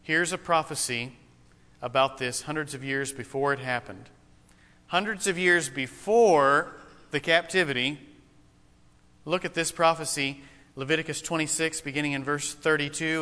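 A man preaching a sermon, emphatic and slowing down to stress key points. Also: a little high, pushed and bright. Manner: emphatic, slows down for weight. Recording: long hall reverb.

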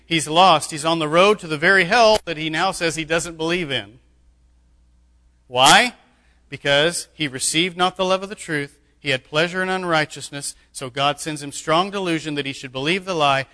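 A man's voice: a little high, pushed and bright. A man preaching a sermon as pastor, emphatic, with joking asides. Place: church sanctuary. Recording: echoey hall.

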